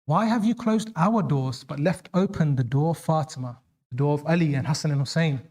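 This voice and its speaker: A male preacher tells stories in a sermon, raising his voice sharply for the lines he quotes. His voice sits a little higher than most men's. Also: fairly quick, darkish tone. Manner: dramatic, voices quoted lines with rising pitch. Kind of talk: sermon storytelling.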